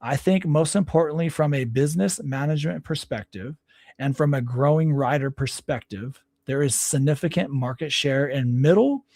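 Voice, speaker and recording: A man's voice: a little high, moderate pace, darkish tone, no echo. A man hosting a casual livestream, reading articles aloud and stopping often to reread and correct himself. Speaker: livestream host.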